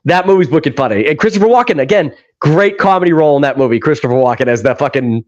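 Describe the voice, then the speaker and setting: A man hosts a loose podcast chat. His voice sits high and bright, and he talks with an animated, profane energy. The recording is dull and lo-fi. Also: fast. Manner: animated, swears, retells scenes with laughing. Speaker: podcast host. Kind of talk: casual chat. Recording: dull lo-fi sound.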